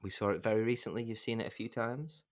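A man with a lowish voice talks casually about films as a podcast co-host. He tells stories in an animated, chatty way, slipping into quick little impressions. It is relaxed, unscripted talk. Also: a little hiss or hum. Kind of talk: casual film chat.

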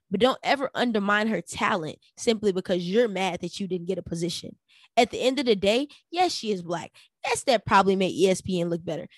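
A young adult woman hosting a solo podcast, giving animated opinion commentary with rhetorical questions aimed straight at her listeners. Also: medium pitch, no echo, clean studio sound. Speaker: podcast host.

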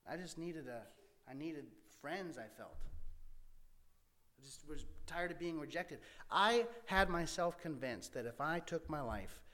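A man telling a personal story from his youth in an earnest, halting way, with many fillers and restarts. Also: on the high side, expressive, pushed and bright, a little hiss or hum. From American Midwest. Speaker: speaker sharing his life story.

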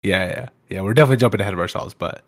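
Podcast guy, low voice, quick and agreeable, dry close sound. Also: dry recording. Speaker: podcast co-host. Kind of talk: casual reality-show recap chat.

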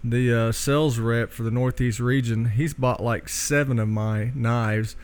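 A middle-aged man with a Southern accent, a knife maker talking in a relaxed interview and telling stories. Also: mid-range voice, measured pace, smooth. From Oklahoma, US. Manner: drawling storyteller, acts out voices in anecdotes. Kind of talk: casual interview.

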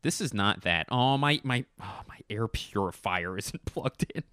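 A man's voice: on the low side, expressive, measured pace, a bit bright, clear, resonant tone, no room sound, studio quality. A man hosting a solo podcast from home, rambling, jokey and self-deprecating into a podcast microphone. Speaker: podcast host. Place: home room.

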